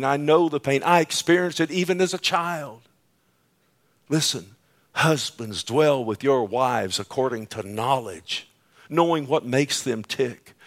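A man preaching from the pulpit in a church with a voice of ordinary middle pitch. He drops to hushed, near-whispered lines, then climbs into loud, pleading outbursts. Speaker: pastor. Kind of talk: sermon. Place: church sanctuary.

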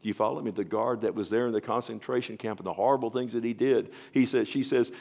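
Gravelly low-voiced male preacher. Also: quick pace, hardly any pauses. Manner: dramatic, swinging between loud and hushed; addresses listeners directly with questions. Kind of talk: sermon storytelling.

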